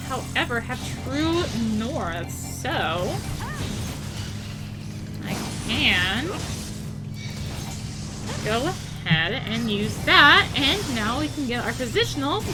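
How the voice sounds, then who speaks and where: A woman hosting a let's play, chatting casually and explaining game mechanics as she plays. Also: a little high. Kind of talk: casual gameplay commentary. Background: game music.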